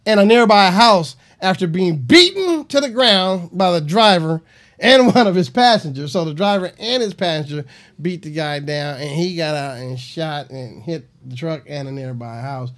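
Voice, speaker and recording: A man's voice: a little high, normal speed. A comedian hosting his own show, riffing on a news story in a loose, rambling way. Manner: animated, rambling with fillers. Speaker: comedian host.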